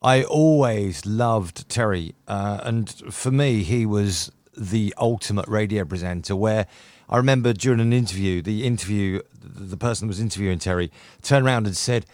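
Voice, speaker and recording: A man's voice: fairly low pitch, normal speed, a little mellow, dry recording. Chatty middle-aged man, dry studio sound. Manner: chatty, enthusiastic storyteller with frequent restarts. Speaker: podcast guest, radio presenter. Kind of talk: casual chat.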